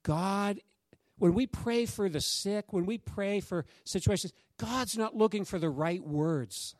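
A man's voice: high-pitched, a little slow, dry recording. A man preaching a sermon as pastor, telling a story and urging the congregation to respond. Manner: exhorting the congregation, lively call-and-response.

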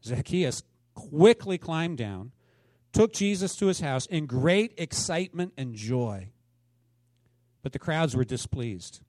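A man in his fifties preaching a sermon, telling stories dramatically and swinging between loud exclamations and hushed asides. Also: mid-range voice, animated, slow pace, no echo. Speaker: pastor.

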